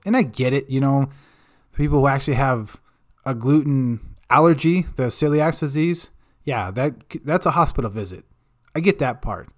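A man hosting a comedic rant segment, swearing constantly in an exasperated tone. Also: medium pitch. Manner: profane, exasperated ranting. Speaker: host.

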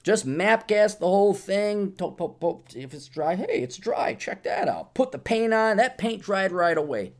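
Male podcast host, profane, rambling monologue, very lively pitch. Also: normal speed, few pauses. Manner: profane, animated storyteller who acts out quotes.

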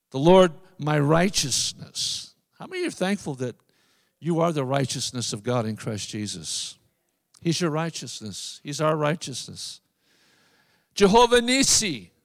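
High-voiced preacher in a reverberant hall. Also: male voice. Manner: emphatic preaching, drawn-out phrases and repetitions. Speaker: pastor. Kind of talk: sermon.

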